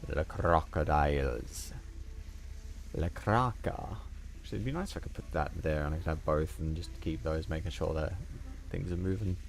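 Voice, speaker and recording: A man's voice: very deep voice, fast talker, creaky, darkish tone, slight background noise. A man with a subtle Australian accent chatting and joking with viewers as he plays a game live. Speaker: gaming streamer. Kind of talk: casual live gameplay commentary.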